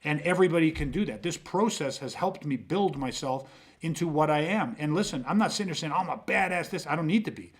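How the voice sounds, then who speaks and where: A man's voice: a little high, animated, fast talker. A middle-aged man on a podcast, talking intensely and swearing often, with frequent restarts as he builds a point. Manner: intense, profane, repeats words when starting sentences. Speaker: podcast host. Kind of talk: casual podcast conversation.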